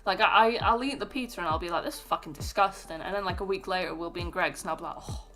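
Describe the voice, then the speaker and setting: A woman's voice: fairly low pitch, very fast, a bit bright, faint music behind. A young woman from England, telling sweary, rambling travel stories in casual chat on a stream. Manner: chatty, sweary storytelling.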